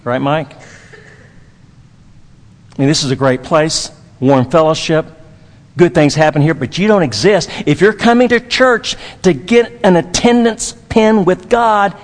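High-voiced emphatic preacher in a hall. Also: male voice, a little slow. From Dallas, Texas. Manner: emphatic, repetitive, with folksy humor. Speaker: pastor. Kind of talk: sermon.

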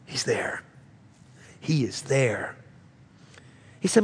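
A man preaching a sermon, swinging between loud, high climaxes and low, quiet drops, repeating phrases for emphasis. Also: animated, unhurried, creaky, breathy edge. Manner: preaching with sudden rises and drops in pitch and loudness, repeating phrases. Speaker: pastor.

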